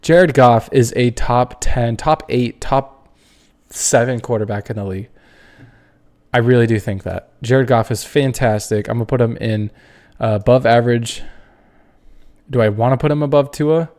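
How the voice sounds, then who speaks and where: This male podcast host has a slightly mellow mid-range voice and speaks at normal speed. Hosting a laid-back sports tier-list video, he rants opinionatedly and throws in the occasional curse word.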